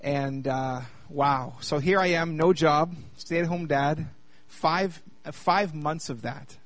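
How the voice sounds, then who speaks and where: Canadian guy in his 30s telling his story to a crowd, kinda high voice, dry close sound. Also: takes it slowly, no echo. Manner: lively and chatty with the audience, turning quieter while telling a hard personal story. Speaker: speaker at a youth gathering. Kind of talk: personal testimony talk to a live audience.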